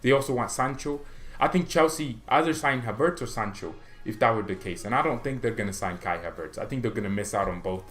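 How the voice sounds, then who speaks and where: A young man hosting a fan channel, giving a rambling, opinionated football monologue in an animated way. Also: mid-range voice, fairly quick, faint music behind. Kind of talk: casual football commentary monologue.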